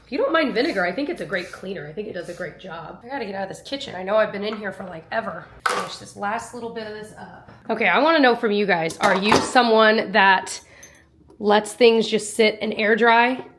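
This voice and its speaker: A woman's voice: mid-range voice, a little fast, heavy background noise. A woman in her thirties chatting casually to her viewers while doing chores, rambling and self-deprecating. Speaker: lifestyle vlogger.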